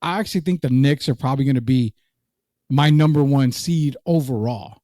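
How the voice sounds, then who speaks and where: A man's voice: mid-range voice, normal speed, dark tone, no echo. Casual man, dry close sound. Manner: loose, joking, reads live comments aloud. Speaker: podcast co-host. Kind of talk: casual sports podcast chat.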